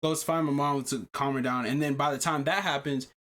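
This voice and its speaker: A man hosting a podcast, telling a long personal story in casual chat, animated and profane, often repeating himself. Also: mid-range voice, fairly quick. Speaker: podcast host.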